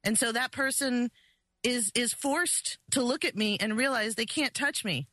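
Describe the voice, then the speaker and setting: Woman guest on a radio chat, bright voice, earnest. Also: fairly high pitch, measured pace, dry recording. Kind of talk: casual interview chat.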